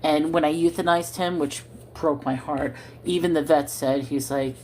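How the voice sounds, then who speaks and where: A woman's voice: low-pitched, steady tone, moderate pace, dark tone, slight background noise. A woman hosting a casual livestream from home into her phone, rambling to viewers and chatting to her cat. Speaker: livestream host.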